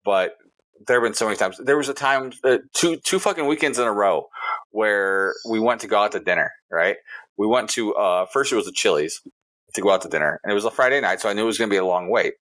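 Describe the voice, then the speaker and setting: A man's voice: fairly low pitch, fast talker, a bit bright. A man co-hosting a casual podcast, telling a story in a heated, profane way. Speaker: podcast co-host.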